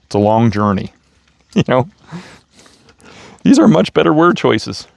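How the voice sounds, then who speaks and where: A man giving a casual motivational talk, gentle and playful, chuckling as he stresses words. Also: medium pitch, sing-song, a little slow, creaky, no echo, clean studio sound. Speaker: self-help speaker. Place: outdoors feeding raccoons.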